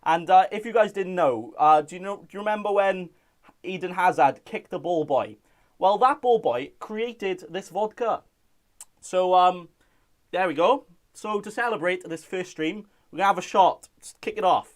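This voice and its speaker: A man's voice: high voice, expressive, normal speed. A young man from Wales, hosting a casual live-stream chat and reading out viewer messages in a jokey way.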